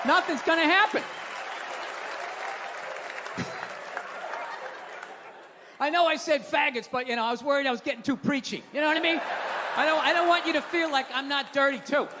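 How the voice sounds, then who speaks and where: A middle-aged man doing a loud, swearing stand-up rant on stage, heard with the reverb of a live hall and an audience. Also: very high voice. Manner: loud, ranting, swearing, mocking. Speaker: stand-up comedian. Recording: live hall with crowd and faint noise.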